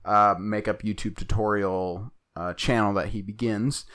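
A man's voice: on the low side, steady tone, unhurried, a bit bright. A man co-hosting a podcast who laughs often and eagerly spins jokes in improvised chat. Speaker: podcast co-host.

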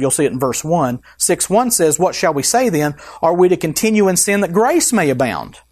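A man preaching a sermon as pastor, emphatic and putting questions to the congregation. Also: sits high.

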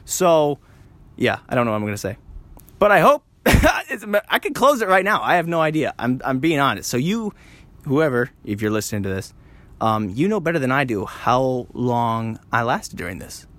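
A man hosting a solo podcast, rambling and joking at himself, talking fast and often jumping up high. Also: very animated, fairly bright tone, dry recording. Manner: rambling, self-mocking, fast with sudden high jumps. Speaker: podcast host. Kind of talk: casual solo podcast chat.

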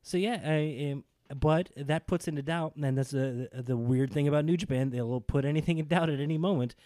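A man co-hosting a casual podcast, talking about wrestling with rambling enthusiasm. His voice is mellow and dark. The sound is dry and close. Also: a little high, a little fast, dry recording. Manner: enthusiastic, rambling, animated when excited. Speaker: podcast co-host.

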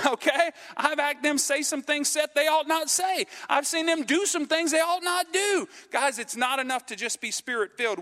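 High, bright-voiced preacher. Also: male voice. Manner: earnest, repeats "okay?" and calls for amens. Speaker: pastor. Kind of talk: sermon. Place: church sanctuary. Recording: long reverb of a church hall.

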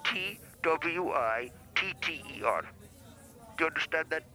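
A man doing a mock-polite, deadpan support agent who calls everyone sir. His voice is very bright and sharp, sitting a little above the usual male range. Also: a little high, slow pace, soft background music, exaggerated voice, poor audio.

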